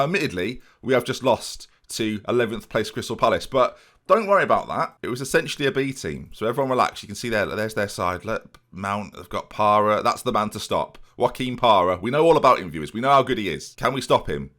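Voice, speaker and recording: A young man talking over his football management game with a jokey, self-mocking humour. His pitch moves around a lot, and he jumps into excited commentary when something goes his way. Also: fairly quick. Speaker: gaming YouTuber. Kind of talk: casual Football Manager let's play commentary.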